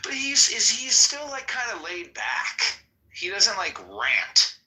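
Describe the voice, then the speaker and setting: A man chatting casually as a podcast co-host, quick to joke and act out comedy bits. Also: high-pitched, big pitch swings, pushed and bright, low-quality recording. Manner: joking, quick, does bits. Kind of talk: casual chat.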